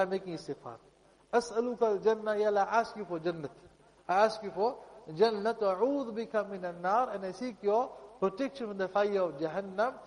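A man preaching a pleading, emotional sermon that often drops to a soft voice. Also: sits high, long reverb tail, poor audio. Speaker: Islamic preacher.

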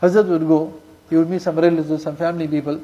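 Husky high-voiced male preacher. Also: flat delivery, quick pace, warm tone, lo-fi sound. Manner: storytelling with Urdu and Arabic religious terms mixed in; repeats lines for emphasis. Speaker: Islamic preacher. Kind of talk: sermon.

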